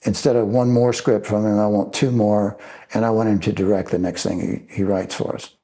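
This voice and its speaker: An older man, a screenwriter and director, telling long animated anecdotes in an interview and acting out the voices of the people he quotes. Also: lowish voice, fairly quick. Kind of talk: storytelling interview.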